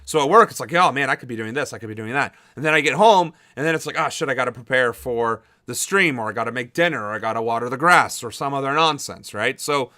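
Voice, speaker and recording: A man's voice: mid-range voice, expressive, fast talker, few pauses, sharp tone, no echo, clean studio sound. A young man hosting a political livestream, chatting casually and rambling with lots of fillers. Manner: chatty, rambling, laughs easily, many fillers. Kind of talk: casual live-stream chat reading chat messages.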